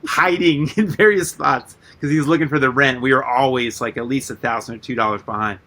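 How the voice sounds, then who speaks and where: A man guest on a radio interview, telling rambling stories in a loose, animated way, full of "like" and casual swearing. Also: medium pitch, a little fast, hardly any pauses. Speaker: guest artist and musician.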